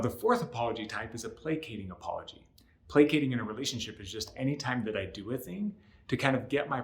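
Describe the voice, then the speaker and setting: A man's voice: lowish voice, a bit bright. A male relationship counselor explaining to camera in a conversational way, often checking in with "right?" and acting out short example lines. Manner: acts out short example lines in other voices. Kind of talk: educational talk to camera.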